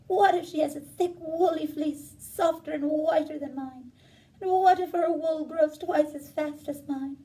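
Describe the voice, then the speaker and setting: A woman's voice: high voice, steady tone, unhurried, warm tone, distant mic. A woman voicing a fretful, tearful sheep in a storybook. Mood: whiny.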